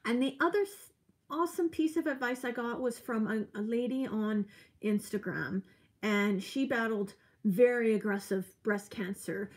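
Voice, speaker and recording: Brief: earnest woman vlogger in her forties, slightly high voice, casual live chat, a bit tired. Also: darkish tone. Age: 40s. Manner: chatty, earnest, reads out viewer comments. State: a little tired.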